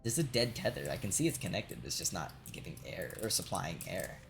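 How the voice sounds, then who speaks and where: A man's voice: low voice, sing-song, fairly quick, gravelly, soft background music. A male streamer venting about work while playing a game, swearing a lot and tagging sentences with "right?". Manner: profane ranting, constant "right?".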